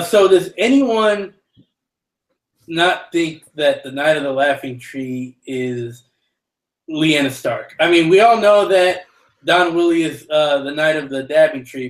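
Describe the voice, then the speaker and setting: A man's voice: a little high, a little slow. A man hosting a podcast, steering the group with questions in a playful way. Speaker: podcast host. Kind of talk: casual podcast discussion. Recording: echoey room.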